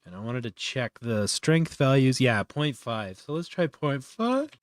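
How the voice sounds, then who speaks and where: A man hosting a casual live-stream software tutorial, thinking aloud with lots of fillers and restarts, yawning often. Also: mid-range voice, sing-song, measured pace, dry recording, clean studio sound.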